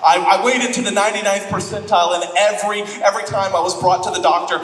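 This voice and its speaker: A man's voice: high voice, fast, few pauses, a bit bright, reverberant, in a large hall, far from the mic, faint music behind, low-quality recording. A man from Florida preaching a sermon as pastor, joking and self-deprecating as he tells stories. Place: church auditorium.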